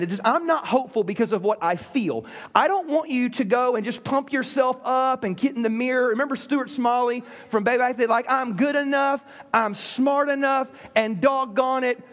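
Man, pastor, sermon, very high pitch, animated, stammering restarts.

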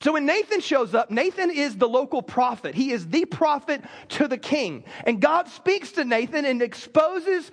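A man pastor preaching a sermon in a casual, animated storytelling manner, full of fillers. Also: extremely high pitch, moderate pace, few pauses, in a large hall.

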